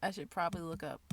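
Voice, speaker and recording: A woman casually chatting alone on a stream, thinking out loud in a rambling, playful, easily sidetracked way. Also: sits high, slight background noise. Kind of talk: casual solo stream chat.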